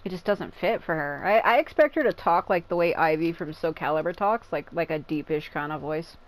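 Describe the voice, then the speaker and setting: A man's voice: a little high, brisk, slight background noise, low-quality recording. Blunt, casual gaming streamer man. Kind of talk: casual game commentary. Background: game audio.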